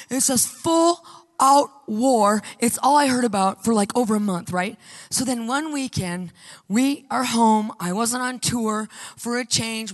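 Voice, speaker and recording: A woman telling a personal story in an animated sermon style, acting out the people she quotes with raised, shouted lines. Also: fairly high pitch. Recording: long hall reverb.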